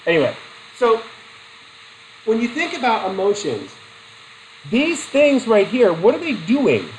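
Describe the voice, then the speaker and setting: A man's voice: sits high, big pitch swings, a little slow, long pauses, slight background noise, rough recording. A middle-aged man teaching a psychology class in a chatty way, asking the students questions and telling personal stories. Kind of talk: classroom lecture.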